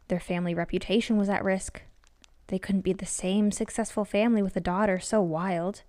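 A woman telling a spooky story in calm, measured scripted narration, close to the mic. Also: medium pitch, no room sound.

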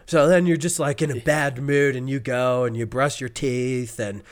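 A man co-hosting a podcast, telling an animated story and acting out frustrated cursing. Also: mid-range voice, normal speed, smooth. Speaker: podcast co-host. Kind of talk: casual podcast chat.

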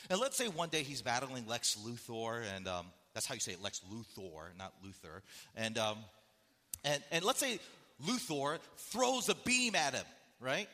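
Male pastor, sermon, lively swooping pitch, bright voice, long hall reverb. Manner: emphatic, rising and falling delivery with rhetorical questions.

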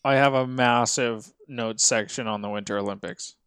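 A man's voice: medium pitch, steady tone, moderate pace, fairly bright tone, smooth, dry recording, clean studio sound. A man co-hosting a podcast, telling a sports story in casual chat and acting out the people he quotes. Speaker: podcast co-host.

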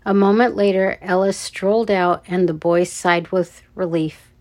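A woman reading a children's adventure story aloud, with deliberate, measured narration. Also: lowish voice, fairly even intonation, darkish tone.

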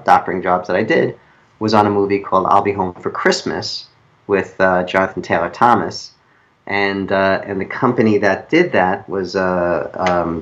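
A middle-aged man with a New York accent talks in a low voice, looping through his stories with halting restarts and self-corrections. The audio sounds dull and lo-fi. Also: fairly bright tone, slight background noise. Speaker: guest screenwriter. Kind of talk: casual interview storytelling.

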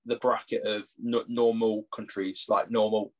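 A man's voice: fairly low pitch, level tone, normal speed. A young English man co-hosting a casual sports podcast, joking and laughing often. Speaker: podcast co-host. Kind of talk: casual chat.

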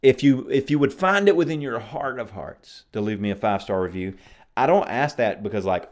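A man hosting a faith podcast, preaching fervently and then chatting warmly and jokingly with listeners. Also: mid-range voice, animated, fairly quick.

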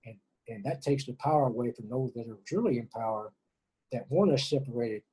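Earnest middle-aged man, mellow and clear. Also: medium pitch, animated, a little fast, poor audio. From Texas. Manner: earnest, repeats words and restarts often. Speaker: interview guest, former prisoner. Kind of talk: emotional spiritual monologue.

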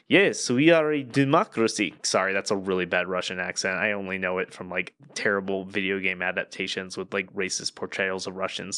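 A man's voice: lowish voice, a bit bright. Male host for a politics podcast: loose, conversational explainer who drifts into asides and fillers. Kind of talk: casual political explainer monologue.

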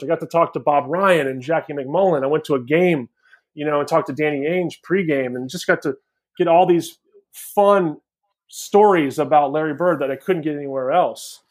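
A man with a voice a little higher than most talks as a guest on a casual chat. He rambles through his stories at an easy pace and leans on fillers as he goes. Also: moderate pace. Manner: relaxed, rambling storyteller with fillers. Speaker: actor guest.

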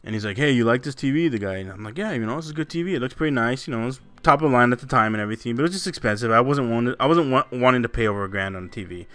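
A man's voice: medium pitch, animated, racing, hardly any pauses, pushed and bright, clear, resonant tone, no room sound. A man co-hosting a podcast, telling stories in casual, profane banter and laughing often. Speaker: podcast co-host.

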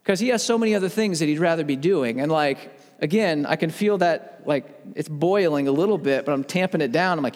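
A man in his thirties giving a conversational Bible teaching, telling personal stories in an animated way that builds up steam. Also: fairly high pitch, fairly quick, big-room sound. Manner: animated storyteller who gets worked up. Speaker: podcast host teaching on faith.

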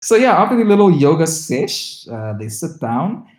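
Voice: mid-range voice, big pitch swings, darkish tone. Podcast cohost, chatty and exclamatory, roomy echo around the voice. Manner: chatty, exclamatory, quick asides. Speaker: podcast co-host. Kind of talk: casual reality-TV recap chat. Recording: echoey room.

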